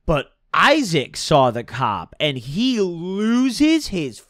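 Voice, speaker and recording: A young man streamer telling a story in a rambling, slangy, animated storytime style. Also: a little high, drawn-out words, dry recording, clean studio sound. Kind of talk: casual storytime.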